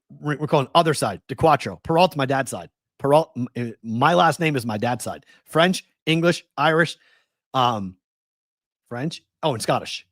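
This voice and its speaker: A man's voice: high-pitched, no room sound, clean studio sound. A man with a Boston accent hosting a live sports betting show, ranting animatedly and firing off rhetorical questions. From Massachusetts.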